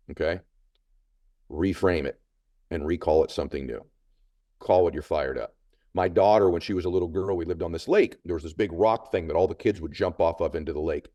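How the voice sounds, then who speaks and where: A man's voice: deep voice, warm tone, dry recording. A middle-aged man hosting a motivational podcast, telling a story with emphatic, coaching delivery and repeated punchy phrases.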